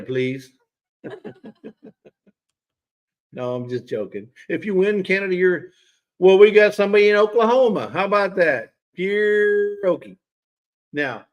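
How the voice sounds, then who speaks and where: A man hosting a casual livestream, chatting and teasing his viewers by name. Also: on the high side. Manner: chatty, teasing, talks straight to chat viewers. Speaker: livestream host.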